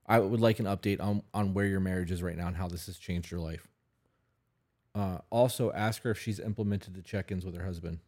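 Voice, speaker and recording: A man with a low voice co-hosts a casual podcast chat. He talks haltingly, restarting and repeating words, and swears now and then. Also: fairly even intonation, a little mellow. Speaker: podcast co-host.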